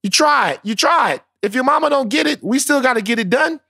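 A male podcast co-host from Louisiana telling stories in casual, profane, animated chat. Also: very high voice, a little fast, gravelly, husky, no echo, studio quality. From Louisiana, United States.

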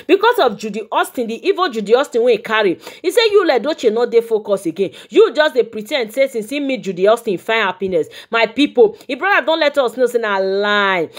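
Animated Nigerian woman, gossip vlogger. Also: fairly high pitch. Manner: animated, talks straight to her viewers. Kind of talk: celebrity gossip commentary.

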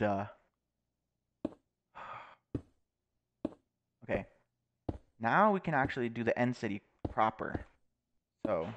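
A man's voice: mid-range voice, lo-fi sound, a little hiss or hum. Jittery young man narrating a game. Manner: jittery, exclaims and laughs nervously. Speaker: gaming YouTuber. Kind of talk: Let's Play commentary.

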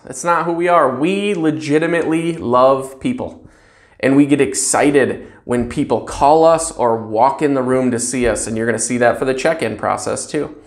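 An upbeat hotel front desk trainer talking new staff through how to answer the phone. The voice sits at a middle pitch, and the delivery is emphatic, stressing words in lists and slipping into a bright, cheerful phone greeting to show how it is done.

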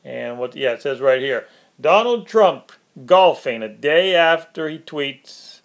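A man with a somewhat high-pitched voice delivers a sarcastic political rant straight to the camera. His talk is mocking and loose, and he often speeds up as he gets worked up. He laughs at his own jabs. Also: lively intonation, normal speed. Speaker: political commentary vlogger. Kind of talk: ranting political commentary.

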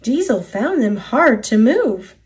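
A woman reading a children's picture book aloud in an expressive storyteller's voice. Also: on the high side, slow. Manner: expressive, lively character voices.

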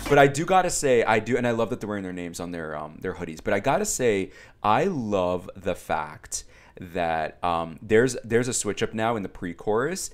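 A young man giving casual reaction commentary on a music video, chatty and excitable, talking straight to his viewers. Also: fairly low pitch. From Italian background. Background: music video playing.

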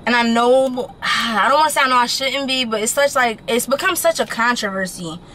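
A young woman vlogging from her car, chatting to her viewers in an animated, slangy way and swearing casually. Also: a little high, fairly quick, a little hiss or hum, low-quality recording. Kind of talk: casual chat to camera.

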